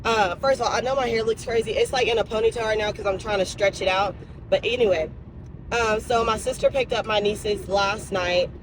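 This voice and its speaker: A woman's voice: medium pitch, fairly quick. Chatty, emotional young woman talking from her car. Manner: chatty, emotional and animated, addresses viewers as y'all. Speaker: vlogger. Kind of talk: casual chat. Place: in a car on a drive-thru run. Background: vehicle noise.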